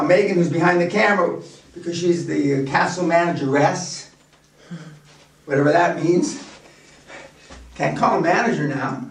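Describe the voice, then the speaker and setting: An older American man giving a blunt, profane motivational seminar talk to a room. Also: sits high. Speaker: seminar speaker. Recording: echoey room, speaker far from mic.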